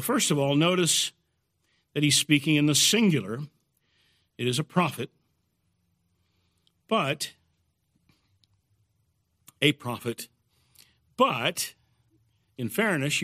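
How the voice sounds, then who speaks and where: A man giving a measured, explanatory Bible study lecture in the evening. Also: fairly high pitch, fairly bright tone. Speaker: Bible teacher.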